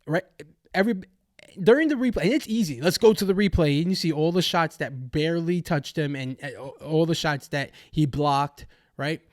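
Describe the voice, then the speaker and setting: A young adult man hosts a podcast, and his slightly high voice rants angrily and curses freely. He keeps stopping and restarting his sentences as the commentary heats up. The sound is close and dry. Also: normal speed, dry recording. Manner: angry ranting, profane, many restarts. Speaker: podcast host. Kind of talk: heated sports-betting commentary.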